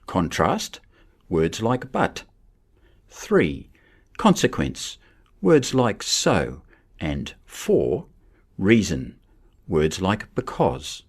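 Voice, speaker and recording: A man with a husky, breathy voice narrates a grammar lesson in a measured, explanatory way. His pitch sits fairly low and swings widely across each phrase. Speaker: teacher. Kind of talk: scripted instructional narration.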